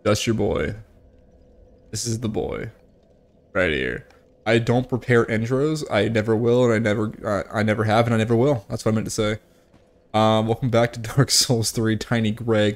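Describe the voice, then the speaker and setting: A man's voice: lowish voice, fairly even intonation, normal speed. A young man giving casual, profane gameplay commentary, joking and tipsy from whiskey, with sudden outbursts at the game. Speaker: gaming streamer.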